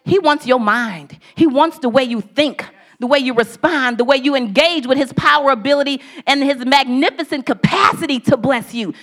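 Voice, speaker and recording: A woman's voice: sits high, normal speed, fairly bright tone. A woman preaching a sermon in a conversational, storytelling manner, building points through repeated phrases.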